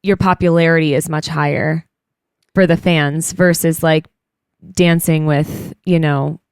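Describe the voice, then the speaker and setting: Clear-voiced woman co-hosting a podcast. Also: deep voice, steady tone, measured pace, a little mellow, no echo. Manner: chatty, rambling questions. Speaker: podcast co-host. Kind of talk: casual podcast interview.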